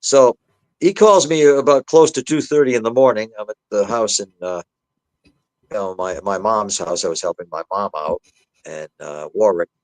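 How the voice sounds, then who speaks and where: A man's voice: lowish voice, normal speed, dry recording, low-quality recording. A man, a demonologist guest, telling his story in a podcast interview and acting out the voices he quotes. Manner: animated, acts out the voices he quotes.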